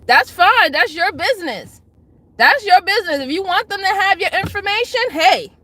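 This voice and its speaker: A woman hosting a casual livestream, her voice high and bright. She shouts out chatters by name, then lectures and pleads with her viewers, hammering the same points again and again. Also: expressive, moderate pace. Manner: emphatic, repeats herself. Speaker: livestream host.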